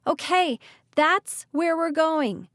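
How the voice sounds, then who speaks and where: A woman's voice: high voice, lively intonation, unhurried, no room sound, clean studio sound, voice pushed up. A woman narrator voicing an anxious, determined young heroine who calls out in a breathless, urgent way.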